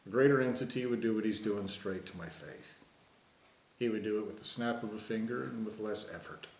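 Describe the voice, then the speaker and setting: A man's voice: on the low side, brisk, darkish tone. A man in an angry, profane monologue, insisting with repeated phrases and mocking others in put-on voices. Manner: mocks others with sing-song put-on voices. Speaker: vlogger. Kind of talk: ranting monologue to camera. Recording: roomy echo.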